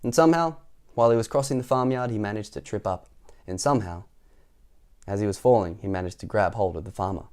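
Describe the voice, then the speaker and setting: A man's voice: on the low side, quick pace, a little mellow, smooth. A young man hosting a children's storytime, reading a storybook aloud with chuckling asides between passages. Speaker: storytime host.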